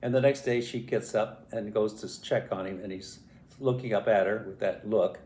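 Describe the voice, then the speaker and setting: An older man telling a family story in a casual, animated way, acting out voices and sounds as he goes. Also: fairly low pitch, normal speed, a little hiss or hum. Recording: roomy echo.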